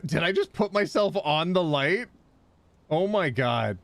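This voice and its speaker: A man with a fairly high voice and an unhurried pace plays a game on a live stream while talking with viewers. He is lively, yelping and laughing as the game goes on.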